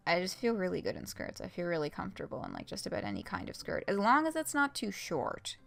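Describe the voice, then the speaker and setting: Chatty young woman streamer, gravelly voice. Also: lowish voice, very animated, fast, fairly bright tone, soft background music. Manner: chatty, rambling with fillers and laughs. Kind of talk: casual let's-play chat.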